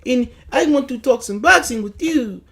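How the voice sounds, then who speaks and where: A man voicing a boastful male boxing show host who puts on a fake French accent, halting and pompous. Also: very high voice, lively intonation, gravelly, a bit bright, pitched above the performer's own voice, full character voice. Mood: mocking.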